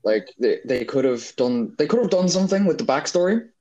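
A man co-hosting a casual podcast chat, talking in a drawn-out, exasperated way. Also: on the high side, expressive, warm tone, lo-fi sound. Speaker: podcast co-host.

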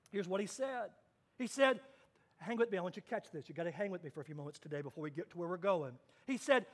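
A man's voice: very high voice, expressive, fairly quick, a bit bright. A man pastor preaching a sermon to his congregation, dramatic and emphatic, repeating key phrases.

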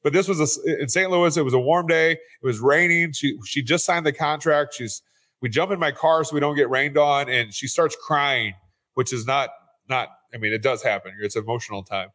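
A man's voice: fairly high pitch, a little fast, fairly bright tone. A man who invests in real estate, a podcast guest telling stories in an earnest, conversational way and often repeating words as he starts a sentence. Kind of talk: conversational storytelling.

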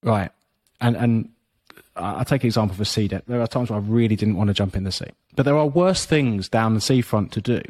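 A man's voice: on the low side, fast talker, darkish tone. A man with a blunt, profane way of talking, a fitness business coach speaking as a podcast guest. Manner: blunt and profane, frequent you-knows. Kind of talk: podcast interview, motivational talk.

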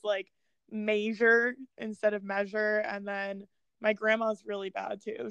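A young woman with a Philadelphia accent hosts a relaxed chat, laughing easily and nudging her co-host to tell stories. Her voice sits at a middle pitch, and the sound is dry and close with no room echo. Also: gravelly, clear, resonant tone, highs cut off. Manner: giggly, easygoing, prompts her co-host. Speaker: podcast host. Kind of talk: casual chat.

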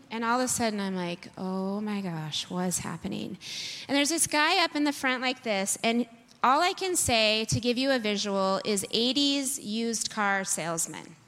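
A woman telling a personal testimony in an animated, self-deprecating storytelling manner. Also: a little high. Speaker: speaker sharing a personal testimony. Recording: long hall reverb.

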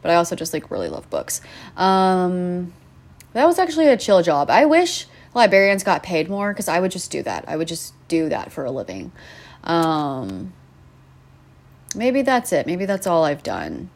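A woman's voice: fairly low pitch, very animated, normal speed. Young woman podcast host, casual rant, sarcastic and foul-mouthed, lots of ums. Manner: profane, rambling, sarcastic, lots of fillers. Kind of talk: casual venting monologue.

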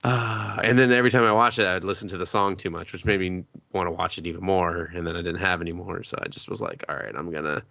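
A man chats casually on a podcast, rambling through a story and cursing freely. His voice sits on the low side, and the sound is dry and close with no room echo. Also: steady tone, quick pace, gravelly, few pauses, sharp tone. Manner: rambling, swears freely, acts out characters' lines. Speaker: podcast co-host. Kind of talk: casual anime recap chat.

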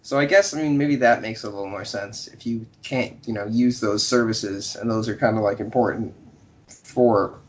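A man co-hosting a casual podcast chat, talking loosely and acting out characters in quick quoted bits. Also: mid-range voice. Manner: animated, acts out game characters in quick quotes. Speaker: podcast co-host. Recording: dull lo-fi sound.

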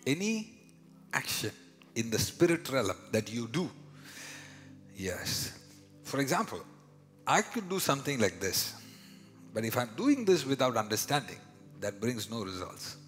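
A man with an Indian accent preaching a sermon, dropping to hushed whispers and rising to loud declarations. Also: medium pitch, very animated, unhurried, long pauses. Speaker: pastor. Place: church hall. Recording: live church hall with long reverb, music behind.

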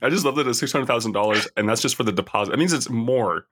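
A man's voice: mid-range voice, fast, a bit bright, husky. A man co-hosting a podcast, chatting casually and hesitantly with frequent ums. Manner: easygoing, hesitant with ums and restarts. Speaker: podcast co-host. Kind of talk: casual chat.

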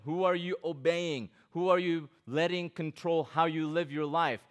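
A man's voice: on the high side, normal speed, hardly any pauses. A middle-aged pastor preaching to students at a youth camp, reading scripture aloud and breaking in with his own comments and questions. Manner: asks the listeners direct questions.

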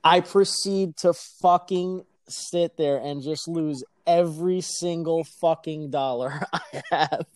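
A young man telling a casual, profane story on a podcast, animated and laughing as he talks. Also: a little high, takes it slowly, no room sound, studio quality. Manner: animated, swears constantly, laughs mid-sentence.

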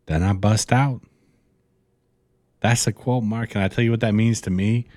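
Fired-up, swearing podcast co-host. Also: male voice, lowish voice, steady tone, moderate pace, darkish tone, no echo, studio quality. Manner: profane, fired-up pep talk. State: slightly slurring, tipsy. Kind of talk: casual podcast chat.

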